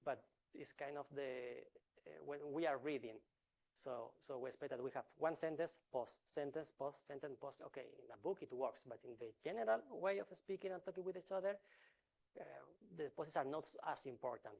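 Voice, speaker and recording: A man's voice: a little high, creaky, a little mellow. Hesitant man giving a science lecture. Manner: halting, frequent filler sounds and restarts; explanatory, paced with deliberate pauses. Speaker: researcher presenting a talk. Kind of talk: academic lecture.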